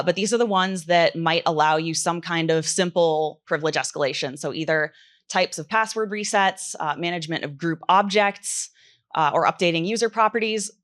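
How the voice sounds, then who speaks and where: Woman, conference speaker, slightly low voice, relaxed and explanatory, stage mic. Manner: relaxed, explanatory, with frequent "uh" fillers. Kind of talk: technical conference talk.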